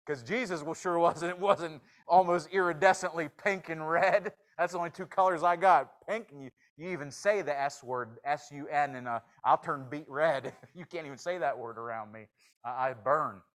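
A man preaching a sermon in a folksy, joking manner, swinging from hushed confession to loud exclamations. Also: mid-range voice, poor audio. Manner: shifts from hushed to shouting.

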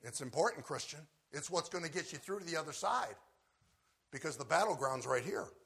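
Gravelly, bright-voiced preacher. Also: male voice, expressive, a little fast. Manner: swings from loud shouted acted quotes to low quiet asides. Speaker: pastor. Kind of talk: sermon.

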